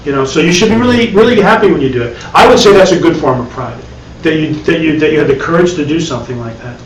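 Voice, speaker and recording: A man's voice: fairly high pitch, animated, quick pace. A man teaching a live spiritual class, talking conversationally with repeated words and wry asides. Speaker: meditation teacher. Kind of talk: live dharma class talk. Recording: echoey room, distant mic, faint hiss.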